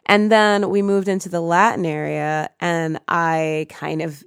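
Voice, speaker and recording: A Spanish-speaking woman from the Caribbean who tells stories in a lively, animated way and laughs often in casual conversation. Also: fairly low pitch, measured pace, vocal fry, clear, resonant tone, no echo, clean studio sound.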